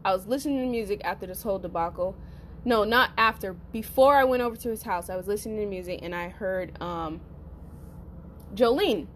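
A woman hosting a podcast, telling a personal story in a casual, profane, animated way and talking straight to her listeners. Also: medium pitch, brisk, slight background noise. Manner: profane, animated, acts out quotes; addresses listeners as y'all. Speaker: podcast host.

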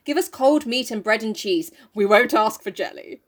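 A woman's voice: on the high side, expressive, moderate pace. A woman voicing a dismissive, impatient husband who speaks in an offhand, condescending manner.

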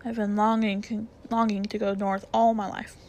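A woman's voice: mid-range voice, flat delivery, normal speed, darkish tone, highs cut off, lightly acted. A woman voicing an eager, timid young boy in a storybook read-aloud, polite and a little breathless. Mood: excited.

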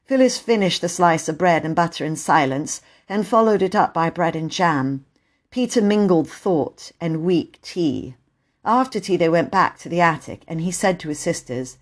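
A woman narrating a classic children's book in an expressive storytelling voice. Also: fairly low pitch, moderate pace. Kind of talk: audiobook reading.

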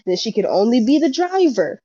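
Young woman, casual storyteller, mellow tone, slightly higher pitch, dull lo-fi sound. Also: fast, husky, no room sound. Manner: animated storyteller, acts out quotes. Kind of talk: casual chat.

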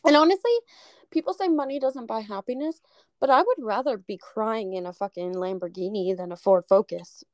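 A young woman co-hosting a podcast over a remote call, animated and swearing freely in casual chat. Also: a little high, a little fast, no echo. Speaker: podcast co-host.

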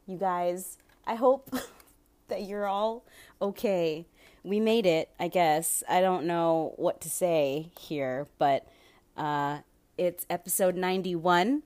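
A woman's voice: fairly low pitch, slow, darkish tone. A young woman hosting her own podcast, talking alone in a candid, profane way and laughing often. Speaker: podcast host. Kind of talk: casual solo podcast monologue.

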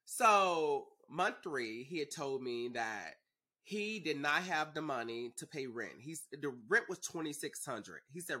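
A young man hosting a podcast, telling a story in a sassy, animated, profane way. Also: fairly high pitch, a little slow. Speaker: podcast host. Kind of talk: casual storytelling.

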